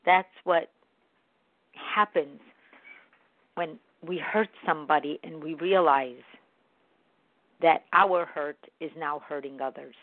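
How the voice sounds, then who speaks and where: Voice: medium pitch, takes it slowly, pauses often, no echo. An earnest speaker in a reflective monologue, explaining step by step how to own a hurt and apologize. The sound is thin and phone-like, with a close, dry feel and no room around it. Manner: earnest, talks through steps of an apology. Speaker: podcast speaker on forgiveness. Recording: tinny phone-like line, dry.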